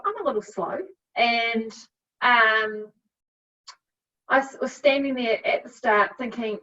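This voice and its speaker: A woman's voice: a little high, sharp tone. Chatty New Zealand woman, distant, dull audio. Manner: chatty, laughs often, many fillers. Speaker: guest, cycle coach. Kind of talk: casual storytelling. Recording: dull, a bit distant from mic.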